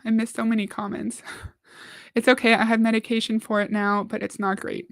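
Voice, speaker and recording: A woman's voice: on the high side, level tone, brisk, no echo. A woman hosting a livestream, chatting casually, reading out viewer comments and reacting to a video.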